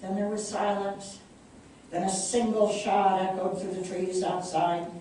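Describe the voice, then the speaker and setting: A woman author reading her picture book aloud in a measured, heartfelt way, in an echoey room from a distant mic. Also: lowish voice, dark tone, slight background noise.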